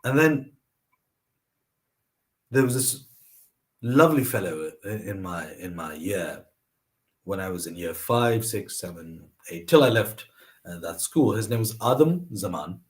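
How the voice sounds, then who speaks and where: Animated man telling personal stories. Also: a little slow, pauses often. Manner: animated, acts out quoted voices with pitch jumps. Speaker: vlogger sharing lessons from his mother. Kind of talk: personal storytelling monologue.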